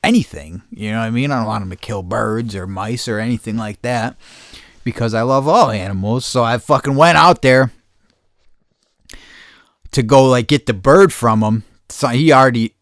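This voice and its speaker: A man's voice: medium pitch, moderate pace, a bit bright, no room sound, clean studio sound. A man hosting a podcast, telling a rambling story with constant swearing and frequent laughter. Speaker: podcast host. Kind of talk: casual storytelling.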